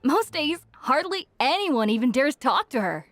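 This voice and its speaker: A woman's voice: sits high, very animated, a little slow, full character voice. An actress voicing a friendly, chatty young female tavern keeper who talks politely and likes to gossip. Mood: friendly, gossipy. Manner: polite, gossipy, warm to customers.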